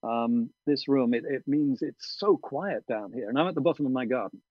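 A man with a breathy, husky voice talks things through carefully, often pausing and restarting. The sound is dry and lo-fi, like a video-call feed. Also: medium pitch, dry recording. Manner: thoughtful, hesitant, with many ums and restarts. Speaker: audiobook narrator. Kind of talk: interview over video call. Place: garden studio shed.

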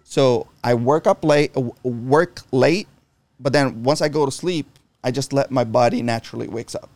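A man's voice: medium pitch, normal speed, a little mellow, no room sound. A middle-aged man in casual chat, talking bluntly with lots of swearing and restarts. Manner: blunt and profane, frequent restarts.

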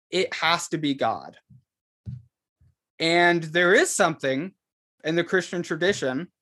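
A man's voice: a little high, a bit bright. A man, a guest author, explaining a theological argument in casual conversation, hesitant with many fillers and restarts.

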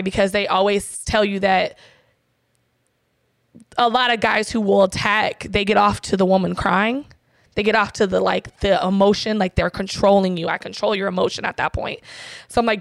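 A woman's voice: mid-range voice, steady tone, moderate pace, creaky, no echo, studio quality. A woman in an interview, candidly telling a personal story in blunt, profane talk full of fillers. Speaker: interview guest.

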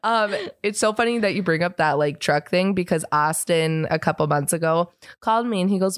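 A woman co-hosting a casual podcast chat, telling animated stories and laughing often. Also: fairly low pitch, fairly quick, hardly any pauses, dry recording, studio quality. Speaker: podcast co-host.

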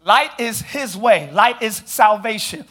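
A pastor preaching a sermon to his congregation, calling out questions to the crowd and building from calm teaching to shouted, half-sung passages. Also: high-pitched, unhurried. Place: large church.

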